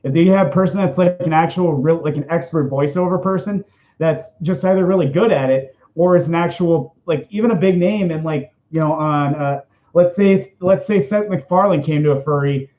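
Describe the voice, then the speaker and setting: Rambling, chatty male host, slightly high voice, lo-fi audio. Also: normal speed, a little mellow. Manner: rambling, self-interrupting, chatty. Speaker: streamer answering questions. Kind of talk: casual chat. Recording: dull lo-fi sound.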